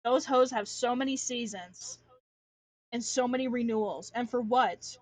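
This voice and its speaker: A woman's voice: a little high, a little slow, darkish tone, no echo. A young adult woman chatting casually on a livestream while drawing, rambling and ranting with lots of filler and restarts. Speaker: artist streamer.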